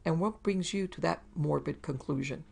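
A woman's voice: sits low, normal speed, creaky, a little mellow, husky, heavily acted. A woman voicing a wry, sardonic male detective's assistant, in a dry, wisecracking way. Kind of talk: storybook reading.

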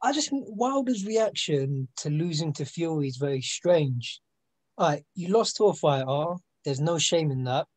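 A man's voice: on the high side, animated, moderate pace, darkish tone. A man guesting on a casual boxing chat, telling frank stories and acting out quotes. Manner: storytelling, acts out quotes, frank.

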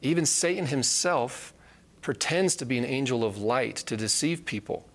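A man's voice: animated, normal speed. A man giving conversational Bible teaching, earnest, checking in with "right?" and acting out quoted voices. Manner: earnest, repeats points with "right?" tag questions; acts out quoted voices in a higher pitch.

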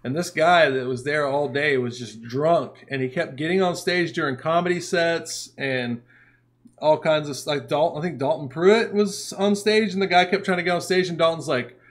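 Animated storytelling man, slightly high voice. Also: normal speed. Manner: profane, laughing, animated storyteller. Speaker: podcast co-host, punk musician. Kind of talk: casual chat, storytelling.

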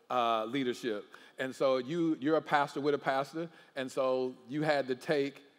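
A man's voice: fairly high pitch, in a large hall. A man hosting a podcast interview, who cheers his guest on with short affirming replies and asks questions. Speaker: podcast host. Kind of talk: conversational interview.

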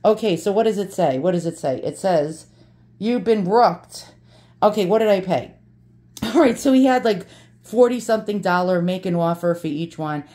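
A woman's voice: lowish voice, animated, fairly quick, warm tone. A brash, profane woman chatting casually to viewers as she unboxes antiques, joking and swearing as she goes.

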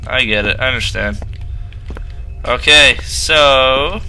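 A man's voice: medium pitch, takes it slowly, pushed and bright. A man hosting a gaming channel, giving casual commentary on a horror game in a rambling way and getting easily startled. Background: game music.

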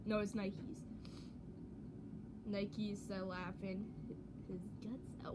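A woman's voice: medium pitch, level tone, slow, heavy background noise. A young woman reading her own old story aloud on camera, swearing, laughing and mocking herself. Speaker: YouTuber. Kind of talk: reading old writing aloud with comedic commentary. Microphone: handheld camera.

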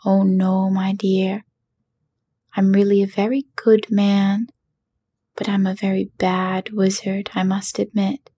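A woman's voice: medium pitch, little pitch movement, slow, mellow, breathy edge. A woman voicing a humbled little man posing as a wizard, in whispered role-play with a meek, apologetic manner.

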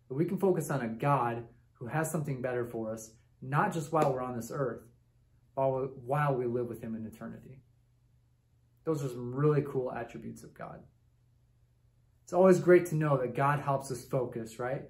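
A man's voice: mid-range voice, moderate pace, darkish tone. A man hosting a children's ministry video, explaining a lesson in a friendly way to the kids.

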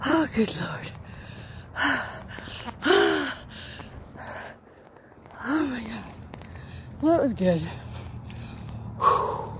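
A woman's voice: on the high side, animated, extremely slow, long pauses, background noise. A woman vlogging as she hikes up a park hill, out of breath and chatty, poking fun at herself as she talks to the camera. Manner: chatty, self-mocking, talks to camera while hiking uphill. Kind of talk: casual walking vlog.

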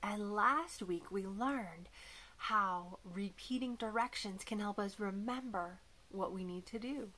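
A woman teacher giving a gentle, clearly spoken lesson to young children, addressing them as friends. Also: medium pitch, slow. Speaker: preschool teacher.

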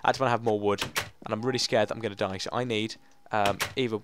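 A man's voice: lowish voice, steady tone, fast talker, background noise. A man giving casual gaming commentary, chatting to himself and joking with mock drama. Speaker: Let's Play gamer.

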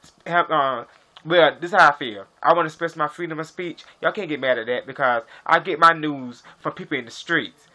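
A sassy, foul-mouthed man rambles through a gossip vlog and fires off shout-outs. His voice sits a little high and sounds very bright and sharp. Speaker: gossip vlogger.

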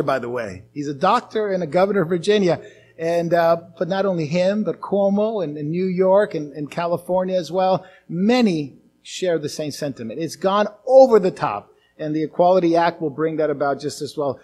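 A male pastor preaching a conference sermon, animated, slipping into mocking quoted voices. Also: sits high. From outside the US.

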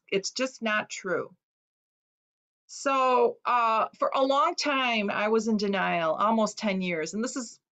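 A woman from Chicago, an author giving a talk, recounting a personal story in an earnest, emotional way with hesitant pauses. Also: medium pitch, pushed and bright, muffled recording. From Chicago, USA.

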